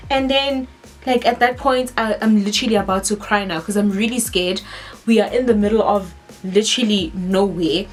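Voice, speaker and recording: A woman with a South African accent, telling a personal story to her viewers in an animated, emphatic way. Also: mid-range voice, brisk, faint music behind. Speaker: vlogger. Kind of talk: storytelling to camera.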